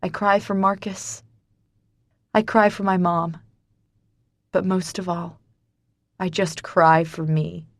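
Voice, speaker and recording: A woman narrating a first-person romance audiobook in a soft, emotional, hushed way. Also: lowish voice, flat delivery, takes it slowly, long pauses, no echo.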